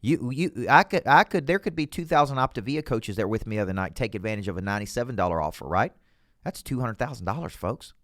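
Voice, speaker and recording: Southern man, sales-coach host: folksy, punchy, high energy, middle pitch, dry close sound. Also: animated, quick pace, a bit bright, no room sound. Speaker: business coach hosting a show. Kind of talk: motivational talk to camera. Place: studio.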